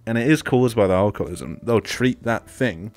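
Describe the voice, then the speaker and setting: A man co-hosting a podcast in casual chat, agreeable and quick to chip in. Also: fairly low pitch, a little mellow. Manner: chatty, agreeable, quick interjections. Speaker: podcast co-host.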